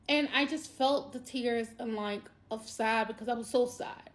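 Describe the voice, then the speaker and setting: A woman talking in a personal vlog monologue, emotional and near tears, halting and repeating herself, her voice jumping up when she is moved. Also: on the high side, fairly bright tone. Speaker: vlogger.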